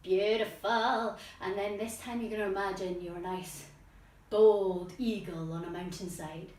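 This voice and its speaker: A woman's voice: mid-range voice, steady tone, unhurried, a little mellow, far from the mic, a little hiss or hum. A woman leading a guided children's yoga lesson at home, playful and encouraging, with silly animal noises. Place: room at home with plants. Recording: echoey room, voice off-mic.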